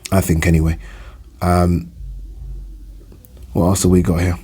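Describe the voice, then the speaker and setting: Husky English guy chatting boxing. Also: deep voice, little pitch movement, unhurried, dark tone. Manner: chatty, rambling, repeats phrases, lots of fillers. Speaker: boxing vlogger. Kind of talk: casual solo boxing commentary.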